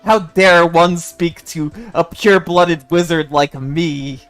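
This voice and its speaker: A man voicing a haughty, snobbish pure-blooded wizard man who sneers loudly at an outsider. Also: fairly high pitch, fairly even intonation, takes it slowly, clear, resonant tone, faint music behind. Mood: contemptuous. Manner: loud, sneering theatrical outburst.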